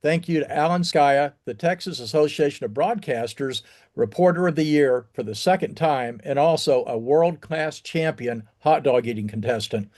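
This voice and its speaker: Slightly high-voiced male podcast host. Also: normal speed, darkish tone. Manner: friendly, asks long strings of questions. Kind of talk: interview hosting.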